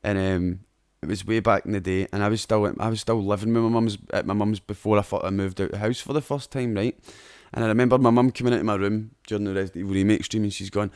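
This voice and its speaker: A man's voice: fairly low pitch, steady tone, quick pace, a little mellow. A young Scottish man hosting a podcast, telling a sweary story with lots of laughter. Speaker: podcast host. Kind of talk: casual chat.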